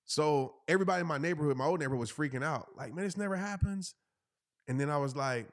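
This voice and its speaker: A man's voice: a little high, animated, normal speed, pauses often. A man, casually telling a funny story and acting out the voices of the people in it. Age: 30s. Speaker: motivational speaker telling a story.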